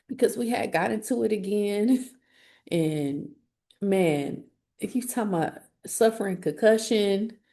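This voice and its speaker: A woman sharing a personal testimony in an interview, speaking earnestly and haltingly with frequent restarts. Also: medium pitch, creaky, warm tone. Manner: earnest, halting, grows emotional. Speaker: interviewee telling her life story.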